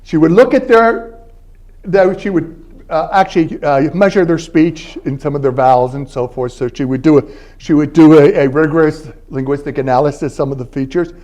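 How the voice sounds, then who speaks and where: An elderly man from Philadelphia lectures at a university, slightly higher-pitched than most men. He talks in a loose, storytelling way, stopping to check in with his listeners. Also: moderate pace, dark tone. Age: 80s. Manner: conversational storytelling, frequent "all right?" check-ins. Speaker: guest lecturer, linguist. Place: university library event space.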